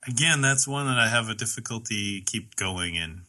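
A man's voice: lowish voice, animated, normal speed, pushed and bright. A man co-hosting a casual chat, rambling with restarts and fillers. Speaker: podcast co-host.

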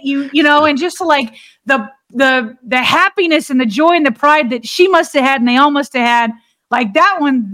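A woman's voice: high-pitched, a bit bright. A woman co-hosting a casual sports podcast, talking earnestly and rambling with lots of restarts. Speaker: podcast co-host.

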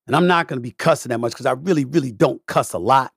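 A middle-aged man holds forth on his podcast with a slightly husky voice, hammering home points through repetition and pointed emphasis. His delivery swings from booming to hushed while staying preachy and forceful. The sound is dry and close, with no room around it. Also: fast, hardly any pauses, dry recording. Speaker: podcast host. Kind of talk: impassioned monologue.

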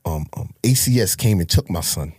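A man's voice: low-pitched, expressive, moderate pace, dark tone, slightly rough, no room sound, studio quality. A man, telling his life story as a guest in a blunt, profane, emotional way. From Harlem, New York. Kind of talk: candid life-story interview.

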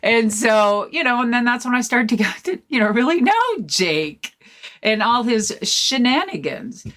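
A woman guest-hosting a podcast, telling stories in a rambling, animated way with lots of fillers and swearing. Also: on the high side, unhurried. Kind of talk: casual storytelling chat.

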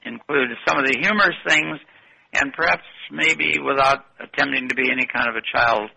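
Older guy, gravelly voice, rambling stories, keeps restarting his sentences. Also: medium pitch, moderate pace, bright, forceful tone, poor audio. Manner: rambling, anecdotal, self-correcting. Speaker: guest. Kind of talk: interview storytelling.

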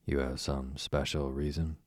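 A man voicing an earnest gentleman who questions his friend quietly and incredulously. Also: a bass voice, little pitch movement, measured pace, dry recording, studio quality. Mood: doubtful.

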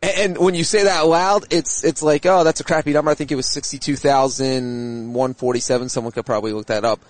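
A man's voice: medium pitch, fairly even intonation, brisk, no echo. A man co-hosting a sports podcast from an outdoor stadium press area, bantering and mocking himself. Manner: joking, self-mocking.

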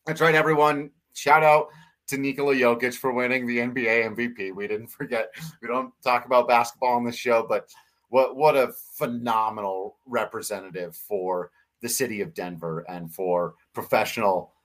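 A man co-hosting a sports podcast in a relaxed, conversational way. He talks earnestly and openly, laughing often as he goes. His voice sits at an ordinary middle pitch. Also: moderate pace. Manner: emotional, laughing, sincere. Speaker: podcast co-host. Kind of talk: casual sports podcast chat.

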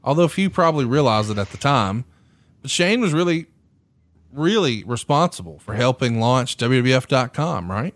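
A man hosting a podcast, reading a prepared history in a steady, measured way with small fillers. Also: medium pitch. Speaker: podcast host.

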